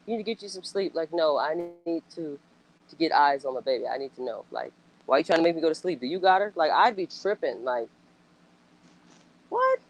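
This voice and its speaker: A woman's voice: low voice, moderate pace, long pauses, low-quality recording. Blunt, profane woman in casual chat. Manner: blunt, emphatic, frequently profane; animated outbursts and rhetorical questions.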